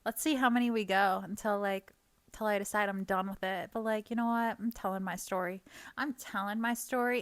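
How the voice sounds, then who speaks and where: A woman's voice: mid-range voice, steady tone, brisk. A young woman ranting to camera in a storytime vlog, heated and profane, mocking the people she talks about. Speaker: vlogger. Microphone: desk microphone.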